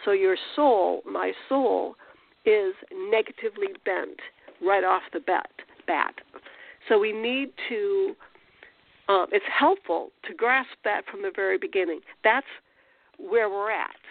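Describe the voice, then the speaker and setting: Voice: mid-range voice, measured pace, vocal fry. Tinny phone-like spiritual teacher. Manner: conversational, restarts and rhetorical questions. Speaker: Christian teacher. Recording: tinny phone-like dry sound.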